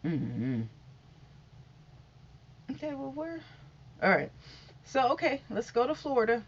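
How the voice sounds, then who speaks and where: A woman's voice: on the high side, huge pitch swings, takes it slowly, pauses often, husky, highs cut off. A woman, vlogging a casual news recap, chatty and scattered, talking straight to her viewers. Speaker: YouTube vlogger.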